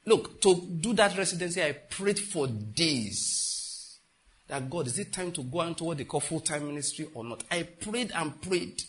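A middle-aged man with a Nigerian accent preaching a sermon, telling stories and acting out dialogue with sudden loud outbursts. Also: a little high, animated, normal speed. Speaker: pastor.

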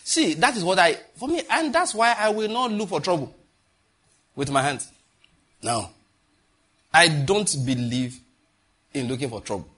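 A middle-aged Nigerian man preaching with animated storytelling and Pidgin asides. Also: fairly high pitch, measured pace, pauses often, slightly rough. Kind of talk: sermon.

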